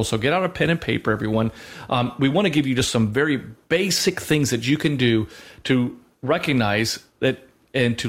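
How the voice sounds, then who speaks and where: Man, 30s, co-host of a faith talk show; earnest, halting, mid-range voice, lots of restarts. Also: medium pitch. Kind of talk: faith talk with personal storytelling.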